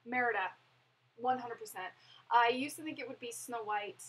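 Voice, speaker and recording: A woman's voice: on the high side, normal speed, fairly bright tone, husky, rough recording. A young woman chatting casually on a live stream, rambling and laughing as she answers viewers' questions. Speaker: vlogger answering live chat.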